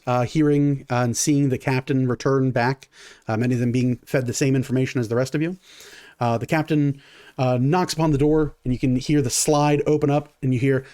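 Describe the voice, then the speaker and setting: A man narrating a tabletop game as game master, in a halting way with many fillers and restarts. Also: mid-range voice, a little mellow.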